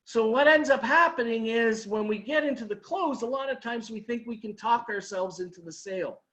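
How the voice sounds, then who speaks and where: A man's voice: very high voice, moderate pace, pushed and bright. A man leading a sales training talk, telling an anecdote and acting out his customers' lines, with emphatic repeated advice.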